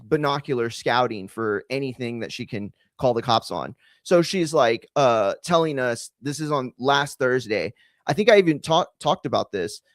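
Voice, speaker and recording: A man hosting a podcast, telling a long story in a casual, profane, animated and digressive way. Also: fairly high pitch, no echo. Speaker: podcast host.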